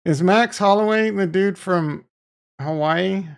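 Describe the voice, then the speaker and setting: Man, crypto livestream host, gravelly voice, loose profane rambling, chatting with viewers. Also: sits high, takes it slowly. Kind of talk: casual livestream chat reading viewer comments.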